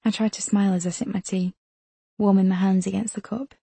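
A woman narrates a first-person novel in a measured, tense way. Her voice is gravelly and husky, with a warm, dark tone. The recording is dry and close, with no room sound. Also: mid-range voice, steady tone, no room sound. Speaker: audiobook narrator.

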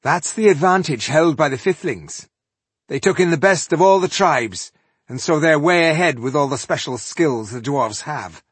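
A man's voice: mid-range voice, sing-song, moderate pace, husky, no room sound, voice pushed up. A man voicing a fussy, theatrical male fourthling with a dramatic, gloomy way of talking. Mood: admiring.

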